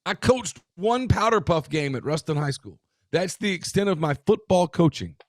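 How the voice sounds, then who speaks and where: A man co-hosting a casual sports talk show, talking in an emphatic way with quick asides and restarts. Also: high-pitched, animated, no echo, clean studio sound. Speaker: podcast co-host.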